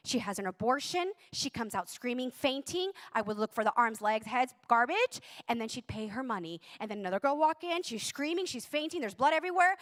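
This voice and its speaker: A woman with a high, light voice tells a personal testimony with strong emotion. She speaks intensely and drags out key words for dramatic weight.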